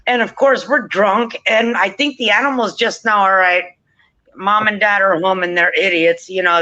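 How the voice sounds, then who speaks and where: A woman's voice: fairly high pitch, bright, forceful tone, highs cut off. A woman telling a casual story, chatty and swearing freely, often laughing. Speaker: forum regular.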